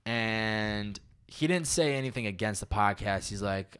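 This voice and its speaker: A young man with a lowish voice talks through his podcasting habits in a relaxed interview. He rambles a little and acts out what other people said to him. His tone is candid and conversational. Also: a little fast, clear, resonant tone. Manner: candid, rambling, with quoted asides. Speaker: podcaster guest. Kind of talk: casual interview talk.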